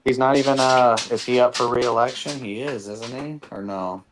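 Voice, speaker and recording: A man in casual chat, telling stories in a profane, animated way. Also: mid-range voice, normal speed, noisy background. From Nevada, USA.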